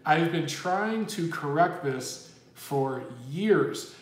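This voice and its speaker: A man's voice: fairly high pitch, animated, drawn-out words, echoey room. A man hosting a casual livestream, chatty and rambling as he reads viewer messages aloud. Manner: chatty, rambling, says dude a lot. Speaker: boxing livestream host. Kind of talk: casual livestream chat reading super chats.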